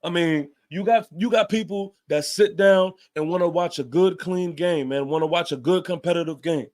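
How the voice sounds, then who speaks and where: A man's voice: high voice, normal speed, a little mellow. A man hosting a fan show, giving a heated, emphatic post-game rant with casual swearing and repeated points.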